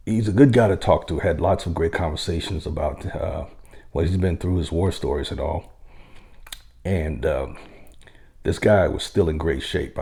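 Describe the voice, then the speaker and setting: A man, a military veteran, telling a story in a casual, unhurried, conversational way with occasional chuckles. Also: low-pitched, creaky, warm tone.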